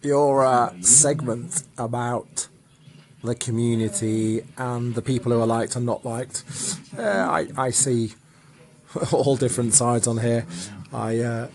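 A man's voice: mid-range voice, takes it slowly, vocal fry, darkish tone. A man calling in to a chat stream, reflective and hesitant, with many fillers. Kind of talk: casual chat.

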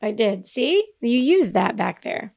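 A woman's voice: fairly high pitch, big pitch swings, measured pace, gravelly, darkish tone. A woman co-hosting a podcast in casual chat, rambling and trailing off mid-sentence. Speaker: podcast co-host.

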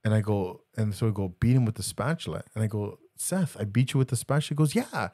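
A man's voice: on the low side, lively intonation, fast talker, mellow. A man co-hosting a podcast, chatting casually and telling jokey stories with many restarts. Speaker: podcast co-host. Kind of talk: casual chat.

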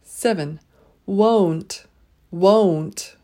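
Slow, mellow-voiced woman teaching pronunciation. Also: medium pitch. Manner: says each word twice with pauses. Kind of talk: slow word-by-word pronunciation drill.

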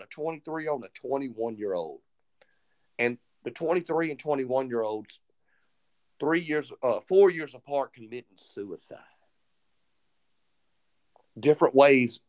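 Guy on a podcast telling a story, gets animated, voices the people he quotes. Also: medium pitch. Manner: animated retelling, acts out quoted dialogue. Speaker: podcast co-host. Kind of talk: casual storytelling chat.

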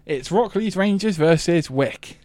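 Man, English accent, radio sports host, quick jokey banter, fairly high voice, dry studio mic. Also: lively intonation, a little mellow, no room sound.

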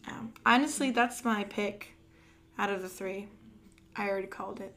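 Bright, giggly young woman podcaster. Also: medium pitch. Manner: giggly, quick recaps with acted-out quotes. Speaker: podcast co-host. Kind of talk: casual chat.

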